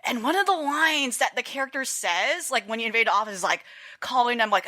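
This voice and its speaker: A woman talks through her thoughts on a casual gaming podcast. She rambles and restarts, leaning on fillers and quick laughs, and her voice sounds bright. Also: fairly high pitch, big pitch swings. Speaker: podcast co-host. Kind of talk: casual chat.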